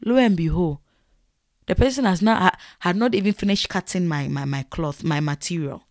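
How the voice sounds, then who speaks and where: Young Nigerian woman, lively vlog storyteller, acts out dialogue, close dry sound. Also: fairly low pitch, moderate pace, dry recording. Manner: animated, acts out quoted dialogue. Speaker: vlogger. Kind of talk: casual storytelling.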